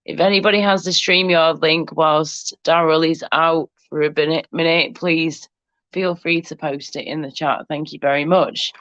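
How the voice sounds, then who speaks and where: A woman's voice: sits low, steady tone, normal speed, fairly bright tone, no room sound, highs cut off. A woman co-hosting a livestream in casual chat, teasing guests and calling everyone darling and love. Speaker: livestream co-host.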